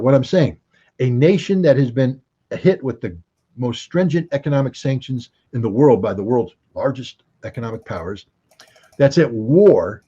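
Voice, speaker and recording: A man's voice: mid-range voice, warm tone, husky. A man giving emphatic, sardonic commentary in an interview, full of rhetorical questions. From United States. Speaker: guest commentator. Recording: dull lo-fi recording.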